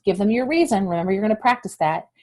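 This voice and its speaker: A woman's voice: medium pitch, lively intonation, fast talker, a little mellow, slight background noise. Upbeat woman health educator. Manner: encouraging, direct address to kids. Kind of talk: scripted lesson to young viewers.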